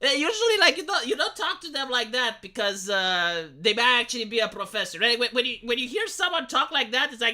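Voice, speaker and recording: A woman's voice: a little high, lively intonation, fairly quick, hardly any pauses, bright, forceful tone. A young woman streamer ranting in casual chat, profane and exasperated, rambling with frequent restarts. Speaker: live streamer.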